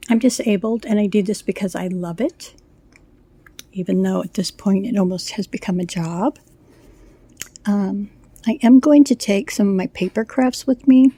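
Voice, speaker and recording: A middle-aged woman shows off her crochet pieces in a chatty, gushing way, rambling along with fillers. Her voice is mellow and relaxed, and she sounds a little out of breath. The recording is dry and close, with no room sound. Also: mid-range voice, dry recording. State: slightly out of breath. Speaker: crochet vlogger. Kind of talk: casual show-and-tell chat.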